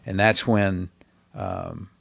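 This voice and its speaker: A man with a Texan accent, a guest on a podcast, telling stories in a rambling way with many pauses and fillers. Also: sits low, fairly even intonation, creaky, fairly bright tone, dry recording. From Texas. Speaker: guest, former governor. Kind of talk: casual storytelling interview.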